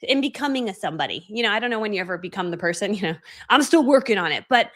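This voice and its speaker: With medium pitch, lively intonation and a fairly bright tone, the woman talks rapid-fire. She's in her forties and presents a motivational training talk as an online course coach. Her chatty, self-deprecating style includes acting out her former reactions and frequent fillers like "right?".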